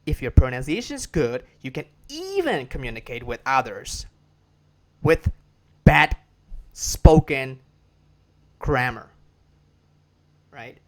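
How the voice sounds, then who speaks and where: A man's voice: medium pitch, very animated, takes it slowly, long pauses. A man with a Burmese accent giving a casual spoken English lesson, repeating and restarting phrases and drilling words for listeners to copy. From Myanmar. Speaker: English teacher.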